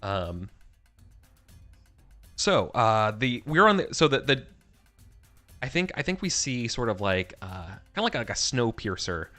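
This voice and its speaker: A man playing a tabletop role-playing game, chatting excitably, restarting sentences and rambling as he sets up his scene. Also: medium pitch, a little slow, pauses often, soft background music. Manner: excitable, self-interrupting, rambling. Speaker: player. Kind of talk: casual tabletop role-play.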